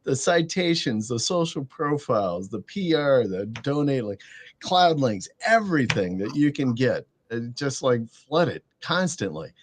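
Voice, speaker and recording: Man, co-host, playful and upbeat, animated pitch. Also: a little slow. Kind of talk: casual chat.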